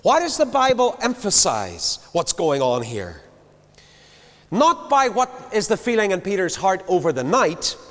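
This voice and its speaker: A man preaching a sermon to a large congregation, swinging from loud declarations to quiet low asides. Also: wildly swooping pitch, measured pace. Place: large church. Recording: long hall reverb.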